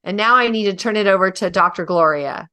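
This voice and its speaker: A woman hosts a casual talk show, enthusiastic and quick to affirm what her guest says. She sums up the takeaways warmly and moves the conversation along. Her voice sits at an ordinary middle pitch. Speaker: host. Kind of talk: casual chat.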